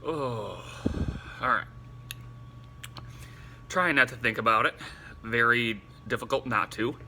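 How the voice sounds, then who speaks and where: A man with a very bright, forceful voice talks to camera in halting bursts, his eyes watering and his nose running from the heat. A faint hiss of noise sits behind him. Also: mid-range voice. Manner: halting, breathless exclamations between short remarks. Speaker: vlogger doing a spicy food challenge. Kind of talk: casual on-camera commentary.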